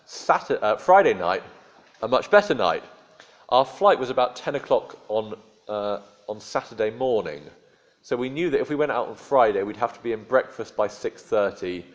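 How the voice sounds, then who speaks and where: A man preaching a sermon in a conversational storytelling way with dry humor. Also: fairly low pitch. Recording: dull lo-fi sermon recording.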